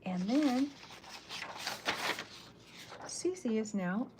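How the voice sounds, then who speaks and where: A middle-aged woman artist talking softly during an ASMR livestream while she draws, chatty and rambling, often slipping into whispers. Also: medium pitch, animated, very slow, long pauses, very noisy. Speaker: artist streaming while drawing comics. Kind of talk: soft-spoken ASMR livestream.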